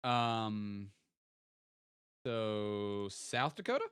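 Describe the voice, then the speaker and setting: A man live-streaming a geography game, chatting casually as he reasons out each location. His pitch leaps around animatedly, and he ribs his viewers with playful banter. The sound is dry and close. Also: expressive, drawn-out words, fairly bright tone, clear, resonant tone, no echo. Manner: thinks aloud, playful teasing of chat.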